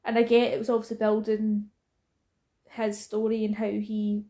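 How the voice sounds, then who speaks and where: A woman's voice: mid-range voice, completely flat delivery, dark tone. A woman with a Scottish accent co-hosting a film podcast, chatting casually, blunt and teasing. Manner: blunt, teasing, quick to banter. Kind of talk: casual chat.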